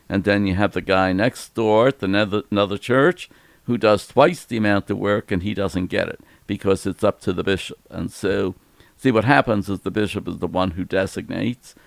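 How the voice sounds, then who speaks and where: Older male priest in his 70s, gravelly and low, relaxed explainer on a dry close mic. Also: moderate pace, no room sound. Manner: gentle, explanatory, laughs easily. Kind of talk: casual Q&A chat.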